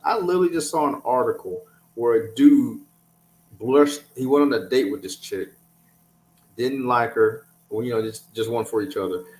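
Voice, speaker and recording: A man's voice: medium pitch, normal speed, darkish tone, roomy sound, slight background noise. A man hosting a casual chat, giving emphatic, profane advice. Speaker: host.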